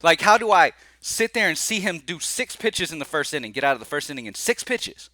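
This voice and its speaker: Bright-voiced chatty man with a lilt. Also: fairly high pitch, very animated, a little fast, dry recording. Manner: laid-back, chatty, rambling with fillers and y'all. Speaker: sports betting picks host. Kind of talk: casual vlog-style talk to camera.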